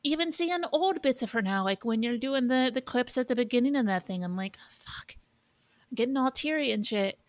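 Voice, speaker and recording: A woman co-hosting a podcast in casual chat, candid, swearing, with halting restarts. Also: a little high, animated, no room sound. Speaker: podcast co-host.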